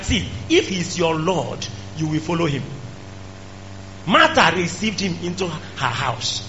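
Emphatic high-voiced male preacher, lo-fi. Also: sing-song, measured pace. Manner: emphatic, rising to shouts. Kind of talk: sermon. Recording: dull lo-fi recording with faint hum.

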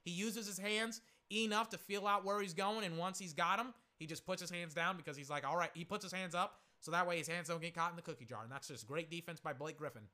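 Hoarse young man rambling over a game. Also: sits high, quick pace, hardly any pauses, sharp tone. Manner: rambling, filler-heavy, swears often. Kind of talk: casual live game commentary.

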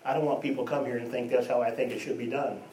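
A man preaching a sermon, telling stories and moving between hushed and emphatic delivery. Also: mid-range voice, steady tone, racing, a little hiss or hum. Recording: echoey room, voice from a distance.

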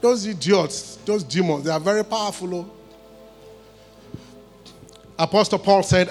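Male pastor, middle-aged, high bright voice, emphatic and playful preaching, faint music underneath. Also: normal speed, pauses often. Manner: emphatic preaching with call-and-response questions; laughs and jokes between points. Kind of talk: sermon. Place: church service.

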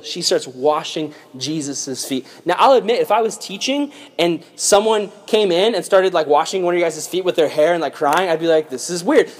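A young adult man preaching a casual, lively youth sermon. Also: fairly high pitch. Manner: lively, casual storytelling with slang. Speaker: youth pastor.

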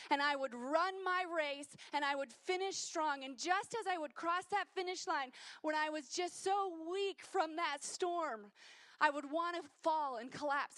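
A woman preaching a sermon, telling a personal story and building to impassioned, forceful exhortation. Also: high voice.

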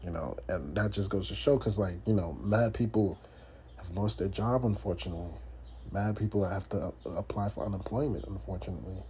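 A man's voice: low-pitched, a little fast, mellow, slight background noise. A man from the United States hosting a podcast, talking in a blunt, profane, casual monologue full of restarts. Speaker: podcast host.

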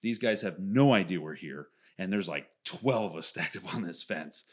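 Podcast host guy telling a war story from a game, lively, yells the quoted parts. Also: deep voice, normal speed. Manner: animated, acts out yelling in stories. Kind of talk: casual storytelling banter.

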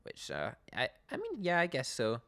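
A man's voice: medium pitch, huge pitch swings, moderate pace, gravelly, pushed and bright. A young man co-hosting a podcast, recapping episodes in casual, laughing chat with many restarts.

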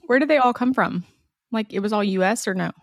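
Female podcast co-host, mid pitch, blunt and sardonic; dry close mic. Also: fast talker, dry recording. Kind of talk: casual podcast chat.

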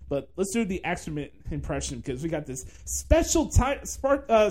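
A man's voice: on the high side, darkish tone. A man hosting a podcast, giving a blunt, profane, sarcastic wrestling commentary rant. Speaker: podcast host.

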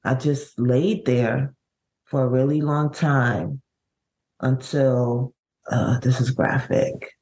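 A woman's voice: very deep voice, dark tone. Middle-aged woman recounting a painful memory. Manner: halting, vivid recounting with many restarts. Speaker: guest, bereaved mother. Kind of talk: emotional personal storytelling.

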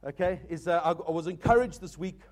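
A man's voice: sits high, a little fast, a little mellow. A man preaching a sermon as pastor, earnest and exhorting, often addressing the congregation as folks.

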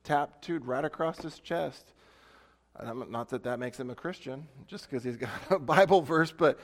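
A man preaches a casual sermon in a mid-range voice at a moderate pace. He's chatty and conversational, thinking out loud and tossing in self-deprecating asides.

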